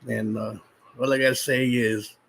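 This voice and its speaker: A man's voice: mid-range voice, level tone, moderate pace, creaky, a bit bright, rough recording. A man reviewing a movie in a casual vlog, rambling and restarting his sentences, exasperated and incredulous, sometimes talking while eating popcorn.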